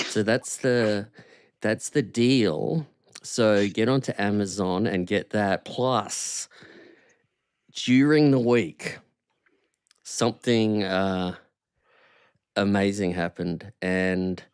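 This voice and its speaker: A man co-hosting a comedy podcast, unhurried and deadpan, and often chuckling at his own lines. His voice is low-ish and smooth. He talks very slowly and the sound is dry. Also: dry recording. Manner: slow, deadpan, chuckling to himself. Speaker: podcast co-host. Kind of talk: casual comedic chat.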